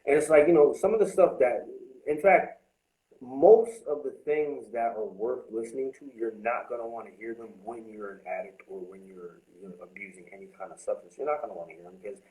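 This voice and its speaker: A man talks openly about getting sober, blunt and full of swearing. His voice sits at a middle pitch. The sound carries the echo of a bare room. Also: a little fast, mellow. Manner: blunt, profane, confessional. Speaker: host. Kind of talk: candid recovery talk.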